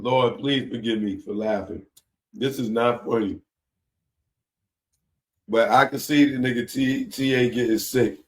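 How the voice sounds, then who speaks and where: A man hosting a commentary show, reacting to a news story with loud, drawn-out incredulous exclamations and bursts of laughter. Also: medium pitch, fairly even intonation.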